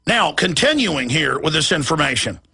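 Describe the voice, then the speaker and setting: Shouting raspy man ranting. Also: on the high side, sing-song, normal speed. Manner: agitated, often shouting, repeats words. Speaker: radio talk show host. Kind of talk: ranting monologue.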